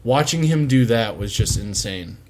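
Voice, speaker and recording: A man's voice: on the low side, expressive, moderate pace, a little mellow. A man co-hosting a casual sports podcast. He tells his stories in a rambling, easygoing way, restarting his sentences as he goes.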